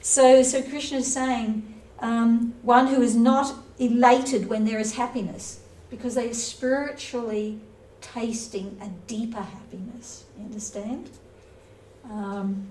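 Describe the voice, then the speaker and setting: A woman's voice: on the high side, a little mellow. A woman giving a casual, conversational lecture on scripture, playfully acting out little everyday scenes. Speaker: spiritual teacher. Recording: roomy echo, from a distance, faint noise.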